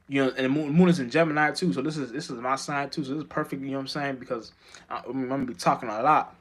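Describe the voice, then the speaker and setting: A man's voice: medium pitch, fairly bright tone. Rambling, profane man preaching spirituality. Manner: rambling, profane, many restarts and stammers. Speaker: spiritual vlogger. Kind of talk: unscripted spiritual monologue.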